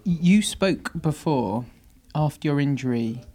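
A woman interviewer asking gentle, curious questions. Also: low voice, lively intonation, unhurried.

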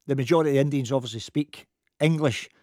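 A man's voice: medium pitch, fast, dry recording, studio quality. A man with a Glasgow accent, a football coach telling a funny story in a casual chat. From Scotland. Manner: lively anecdotal storyteller.

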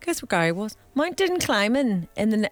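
A woman's voice: medium pitch, big pitch swings, brisk, no room sound. A woman co-hosting a morning radio show, chatty and teasing, reading out listener messages. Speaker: radio breakfast show co-host. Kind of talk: casual on-air banter.

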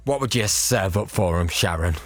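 A man's voice: low voice, expressive, normal speed, a little hiss or hum. A man hosting a radio phone-in, chatty, teasing and upbeat. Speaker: radio show host. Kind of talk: lively radio phone-in chat. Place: radio studio.

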